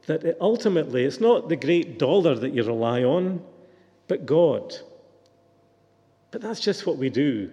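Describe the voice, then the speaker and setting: A man's voice: mid-range voice, mellow, in a large hall, highs cut off. A man preaching a sermon in a reflective, questioning manner.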